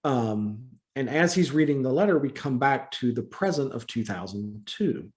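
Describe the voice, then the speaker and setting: A man's voice: mid-range voice, animated, moderate pace, a little mellow. A man guesting on a movie review chat, talking casually and animatedly, laughing often and ranting in exasperation.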